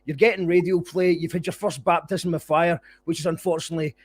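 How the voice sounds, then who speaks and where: Husky Scottish podcast host. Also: male voice, a little high, flat delivery, quick pace. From Scotland. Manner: chatty, laughs easily, reads out comments. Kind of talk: casual chat.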